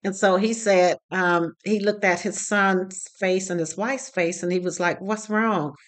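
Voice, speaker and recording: A woman's voice: medium pitch, fairly even intonation, unhurried. A woman who teaches parenting classes, telling a personal story to her phone camera in a casual, emotional way and acting out what people said. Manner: retells dialogue with quoted voices, emotional. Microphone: phone recording herself.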